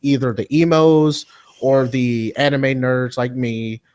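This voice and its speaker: A man in a casual podcast chat, animated and prone to slipping into mocking impressions. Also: medium pitch, slow pace, clear, resonant tone.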